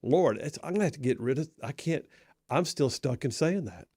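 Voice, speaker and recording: A man hosting live talk radio from a studio, energetic and folksy, restarting sentences often. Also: medium pitch, normal speed, husky, no echo. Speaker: radio talk show host.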